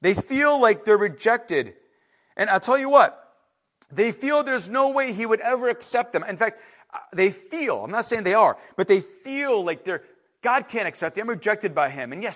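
A man's voice: sits high, lively intonation, moderate pace, fairly bright tone. A man preaching a sermon in an emphatic, conversational way, with frequent restarts and asides to the congregation. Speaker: pastor.

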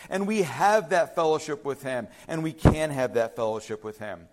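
A man's voice: high-pitched, lively intonation, moderate pace, hardly any pauses. A man preaching a sermon, emphatic, repeating key phrases and putting questions to the congregation. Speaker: pastor.

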